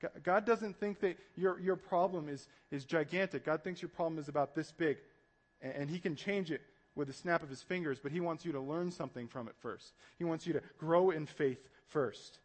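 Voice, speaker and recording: A man with a high voice delivers a lively sermon from the pulpit. He talks casually and with energy, acting out panicked voices as he tells the story. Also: moderate pace. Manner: animated, acts out panicked voices. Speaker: pastor.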